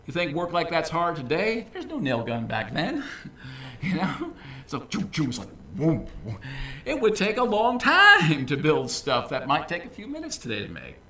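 Pastor, male, lively conversational sermon delivery, bright voice, heard from back in an echoey church. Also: a little high, moderate pace. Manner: lively, conversational preaching with asides. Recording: echoey room, voice from a distance.

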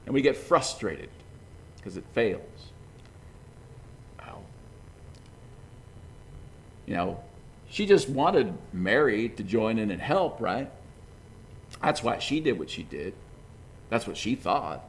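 A man's voice: fairly high pitch, big pitch swings, a little slow, long pauses, fairly bright tone. A man preaching a conversational sermon in a folksy, chatty way, peppered with "you know.".

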